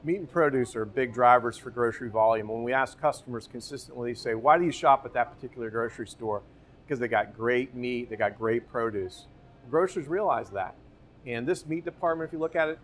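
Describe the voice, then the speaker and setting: A man's voice: medium pitch, a little hiss or hum. A man guiding a walking tour through a grocery store, explaining its layout and asking rhetorical questions as he points things out. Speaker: real estate company guide.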